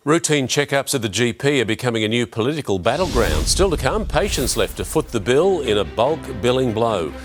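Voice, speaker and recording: A man reading the evening news as anchor, measured and steady. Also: medium pitch, music in the background.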